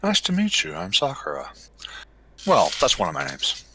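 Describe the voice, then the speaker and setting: A man voicing a sly young rogue from a secret order, talking in a wry, lively way, as a player in an online tabletop game. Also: on the low side, normal speed, slight background noise, exaggerated voice, low-quality recording.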